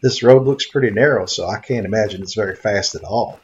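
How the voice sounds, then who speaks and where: A man's voice: fairly low pitch, fairly quick, dull audio, close to an everyday voice. A man playing a naive, bumbling greenhorn hunter and photographer from Tennessee, rambling in a folksy way in comedic game commentary. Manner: rambling, folksy, easily excited. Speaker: gaming video narrator.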